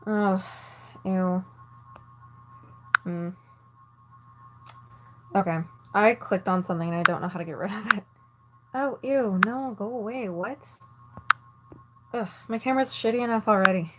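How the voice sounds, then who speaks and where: A woman's voice: mid-range voice, unhurried, pauses often, very noisy. A woman vlogger ranting casually to the camera while doing her makeup, angry and exasperated, swearing often and filling her talk with "like". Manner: exasperated, swears a lot, filler-heavy. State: angry and annoyed.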